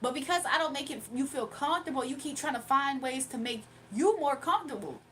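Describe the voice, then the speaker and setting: A young woman with a high voice hosts a casual livestream, talking straight to her chat. She sounds combative and mocking as she brushes off critics. A faint room ambience sits under her webcam mic. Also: lively intonation, a little fast, a bit bright, a little hiss or hum. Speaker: livestream host.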